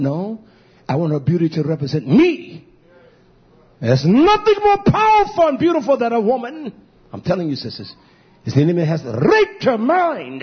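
Husky fiery preacher man, dull audio. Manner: chanting, drawn-out cries, swings from shouts to low murmurs. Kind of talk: fiery sermon on a live stream.

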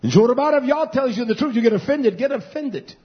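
A male pastor delivers a fiery, scolding sermon in a high, husky voice. He drops to low mutters, then rises to forceful shouts. The recording is dull and lo-fi. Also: animated, quick pace.

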